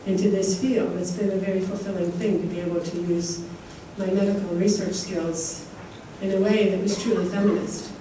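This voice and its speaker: A woman's voice: mid-range voice, mellow, a little hiss or hum. A woman giving an earnest conference acceptance speech, telling stories and repeating words for emphasis. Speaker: award recipient giving a speech. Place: large conference hall. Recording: echoey hall, heard from far off.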